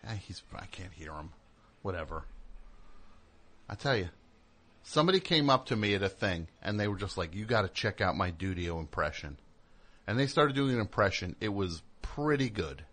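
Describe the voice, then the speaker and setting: A man's voice: low-pitched, lively intonation, normal speed, fairly bright tone. A man hosting a radio show, rambling and joking, interrupting himself as he talks into a studio mic. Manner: rambling, jokey, self-interrupting. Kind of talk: casual radio monologue.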